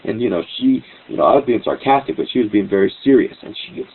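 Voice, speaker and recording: A man hosting a talk show, telling a story in an animated, indignant way. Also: fairly low pitch, fast talker. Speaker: host. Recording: tinny phone line with faint hiss.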